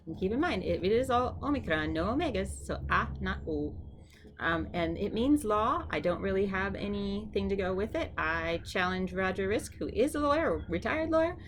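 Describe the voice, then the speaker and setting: A woman teaching vocabulary in a casual lesson, saying each word slowly several times and adding chatty asides. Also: mid-range voice, expressive, a little hiss or hum. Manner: repeats words slowly for the listener, with chatty asides. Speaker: language teacher.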